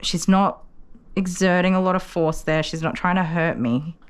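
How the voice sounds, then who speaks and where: A woman working as a dog groomer, chatting to viewers and explaining each step as she works, with soft cooing asides to a puppy. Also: on the low side, steady tone, normal speed, clean tone. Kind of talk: casual vlog narration while working.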